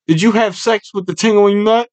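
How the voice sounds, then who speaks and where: Loud, swearing young podcast host. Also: male voice, high voice, normal speed, dry recording. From Buffalo, New York area. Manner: loud, swearing, storytelling with animated impressions. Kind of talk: casual podcast chat.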